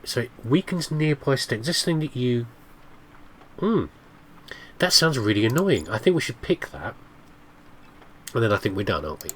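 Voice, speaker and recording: In casual let's play commentary, a man from the United Kingdom rambles chattily about his game while nursing a stuffy cold. His mid-range voice is nasal and blocked, sing-song at a normal speed with long pauses, over slight background noise.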